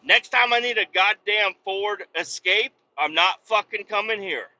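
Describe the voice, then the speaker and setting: A man hosting a podcast, ranting heatedly with constant swearing and bursts of yelling, recorded in the cab of a semi truck while driving. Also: sits high, unhurried. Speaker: podcast host. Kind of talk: profane ranting monologue. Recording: dull lo-fi recording.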